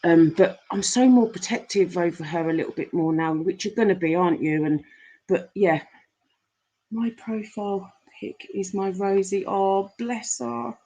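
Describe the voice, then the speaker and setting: A woman's voice: mid-range voice, moderate pace, dark tone, poor audio. A woman hosting a live stream, chatting casually and affectionately to viewers as she reads their messages, rambling with fillers. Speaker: livestream host reading chat.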